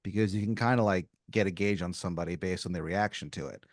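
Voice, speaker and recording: A man's voice: deep voice, fast talker, no echo, clean studio sound. A man co-hosting a comedy podcast, chatting casually and easygoing. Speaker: podcast co-host, improv player.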